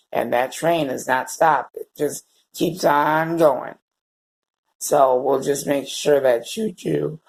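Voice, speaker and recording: A man talking to the camera in a personal vlog, halting and heartfelt, often repeating words as he searches for what to say. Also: a little high, vocal fry. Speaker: vlogger. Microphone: camera held or set facing away.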